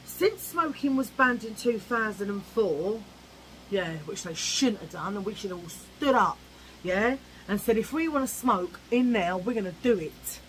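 A woman's voice: medium pitch, expressive, unhurried, slight background noise, poor audio. A woman ranting cheekily to camera in a casual vlog, chatty and opinionated. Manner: chatty, cheeky, ranting, mimics old-fashioned voices. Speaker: vlogger.

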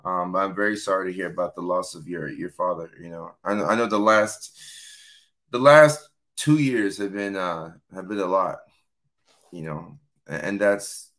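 A man hosting a casual live-stream talk, a little hoarse, chatting and reading out viewer comments. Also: sits low, fairly bright tone. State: hoarse from yelling. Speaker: host.

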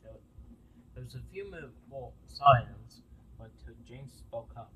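Halting male fan-story narrator. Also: medium pitch, expressive, a bit bright, a little hiss or hum, rough recording. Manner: halting, with restarts and fillers.

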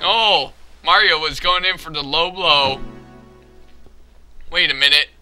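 A man's voice: on the high side, takes it slowly, sharp tone. A man giving joking commentary over a video game, sarcastic and goofy, talking back to the characters on screen. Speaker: let's play commentator. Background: game music.

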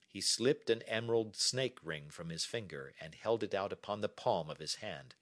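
Male narrator, low-ish and animated, clear measured story reading for learners. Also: no room sound, clean studio sound.

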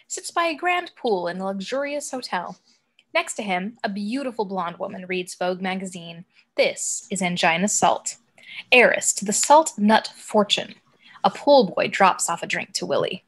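Frau liest nüchtern Regieanweisungen. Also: female voice, mid-range voice, fairly bright tone. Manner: plain, matter-of-fact reading. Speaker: narrator of stage directions. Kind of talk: reading a script aloud.

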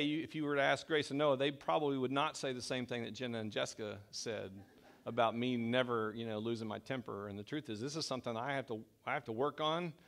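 A middle-aged man serves as pastor, preaching a sermon in a church sanctuary with a gravelly, fairly bright, medium-pitched voice. He keeps it conversational and self-deprecating, repeatedly restarting his sentences.

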